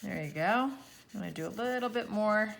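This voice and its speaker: A woman teaching a children's drawing lesson, gently talking through each step as she draws. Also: medium pitch, lively intonation, brisk, gravelly. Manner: gentle, encouraging, talks while drawing. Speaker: art teacher.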